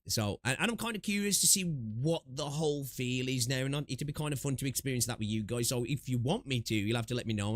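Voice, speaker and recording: On a gaming livestream, a young man from the United Kingdom talks casually in a mid-range voice, wandering off into asides and filling gaps with filler words. He uses a close desk mic with noise suppression, so there's no echo.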